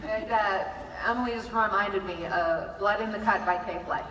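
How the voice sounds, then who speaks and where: A woman's voice: mid-range voice, normal speed, noisy background. A woman on a convention panel, playful and teasing, recorded from the audience in a large hall. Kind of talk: casual panel chat. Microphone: audience phone recording of stage speakers. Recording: echoey hall, far off, loud crowd.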